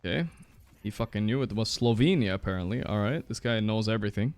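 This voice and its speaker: A young man streaming live, chatting casually, reacting loudly and swearing often while he plays a guessing game. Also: on the low side, animated, fast talker, no echo.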